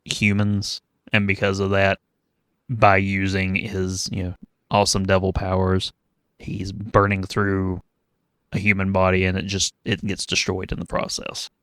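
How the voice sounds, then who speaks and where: A man co-hosting a casual podcast, walking through a film's plot in measured, deliberate steps. His voice is smooth and low, and his pitch barely moves. The sound is dry and close. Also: completely flat delivery, fairly bright tone, no echo. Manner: measured, deliberate plot recap, some swearing. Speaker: podcast co-host. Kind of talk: casual chat, recapping a film.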